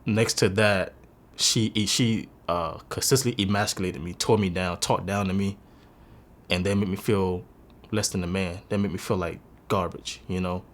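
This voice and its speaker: A man's voice: sits low, steady tone, normal speed. A man in his twenties telling his own life story in an earnest, confessional and emotional way. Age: 20s. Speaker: interviewee sharing a personal story. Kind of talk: candid personal testimony.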